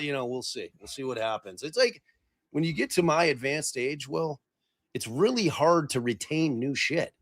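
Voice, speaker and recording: A man's voice: on the high side, expressive, normal speed, dry recording. A middle-aged man runs a casual live podcast stream. He jokes about his own clumsiness with technology and swears freely. His voice is close and dry. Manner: self-mocking, swears freely, fumbles with tech. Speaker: podcast host.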